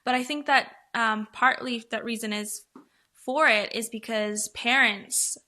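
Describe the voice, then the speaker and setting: A woman's voice: fairly high pitch, steady tone, unhurried, sharp tone. A young adult woman guest on a podcast, rambling with enthusiasm. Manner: rambling, many fillers and restarts, enthusiastic. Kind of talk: casual interview chat.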